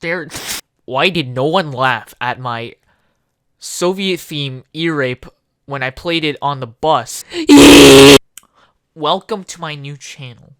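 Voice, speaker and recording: A speaker testing a microphone, jumping between silly voices and shouted outbursts. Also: medium pitch, takes it slowly, long pauses, heavy background noise. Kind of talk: chaotic mic test, random impressions.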